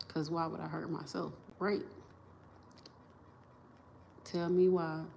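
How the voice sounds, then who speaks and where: A woman's voice: low-pitched, gravelly, slight background noise. A woman on a livestream, talking in a rambling, emphatic and profane way, restarting sentences and repeating herself into a phone camera.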